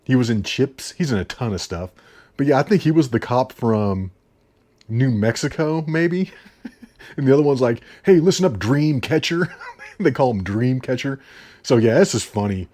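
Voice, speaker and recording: A man chats about films in a loose, rambling way. He repeats himself, chuckles as he goes, and keeps his voice at an everyday middle pitch. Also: expressive, moderate pace, dark tone. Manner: chatty, laughs often, repeats himself. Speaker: movie reviewer. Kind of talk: casual rambling movie review.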